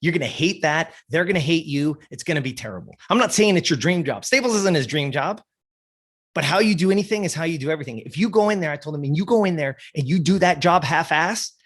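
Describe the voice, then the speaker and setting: A man's voice: a little high, lively intonation, fast, a bit bright. A man giving a blunt, profane motivational talk as a podcast guest. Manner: blunt, intense, swears often.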